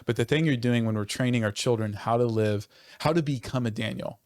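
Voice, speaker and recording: A man's voice: medium pitch, darkish tone, dry recording, studio quality. A man, a pastor, talking earnestly and passionately in a conversational church podcast, often restarting his sentences. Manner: earnest and passionate, quickening when stirred, with self-interrupting restarts.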